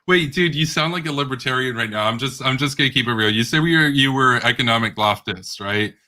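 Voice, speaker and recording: A man's voice: medium pitch, a little fast, bright, forceful tone. A man hosting a heated online debate, combative and interrupting, often laughing scornfully. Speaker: debate host.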